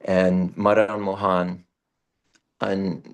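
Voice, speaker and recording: Gravelly man telling a devotional story. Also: drawn-out words. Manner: animated retelling, rising high for quoted characters. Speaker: class speaker.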